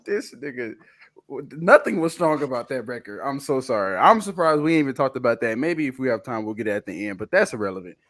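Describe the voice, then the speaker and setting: A young man hosting a casual podcast debate, animated and argumentative, sometimes dropping to low asides. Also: fast talker. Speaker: podcast host.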